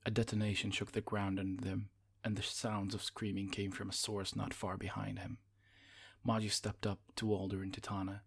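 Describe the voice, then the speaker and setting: A man from Egypt, a fantasy author, reading his own novel aloud in steady, measured narration. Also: on the low side, gravelly, husky.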